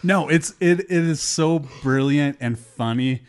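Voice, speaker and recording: A man's voice: fairly high pitch, slow pace, clear, resonant tone. Chatty man laughing through casual talk. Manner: animated, laughs often, many fillers. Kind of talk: casual chat.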